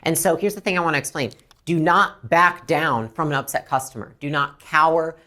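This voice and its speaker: A woman's voice: sits low, normal speed, sharp tone. A woman business coach explaining how to handle customers, blunt and emphatic, who acts out short dialogues between customers and staff. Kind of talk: instructional talk to camera.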